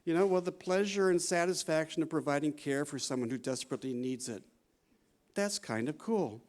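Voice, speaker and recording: A man's voice: a little high, brisk, a little mellow. Chatty man in his sixties lecturing. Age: 60s. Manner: conversational, peppered with "you know" and "right?", laughs often. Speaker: psychology professor giving a conference talk. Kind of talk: conference lecture.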